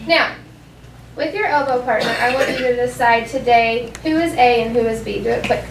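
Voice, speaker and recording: A woman with a high voice teaches a class, saying phrases slowly and clearly for the students to repeat. She is picked up from across an echoey classroom, with a faint hiss underneath. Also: distant mic. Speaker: elementary school teacher. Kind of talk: classroom language lesson.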